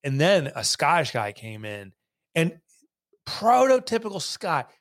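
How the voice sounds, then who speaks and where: A man hosting a casual podcast chat, telling lively stories and mimicking accents. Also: mid-range voice, a little slow, dry recording, clean studio sound. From Northeast United States. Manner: animated storyteller, mimics accents. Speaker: podcast host.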